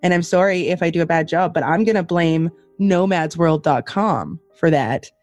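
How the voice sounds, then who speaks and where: Woman podcast host, lowish voice, casual and sweary. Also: normal speed, a little mellow, no echo, faint music behind. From Canada. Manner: chatty, swears freely, laughs at herself. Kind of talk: casual chat.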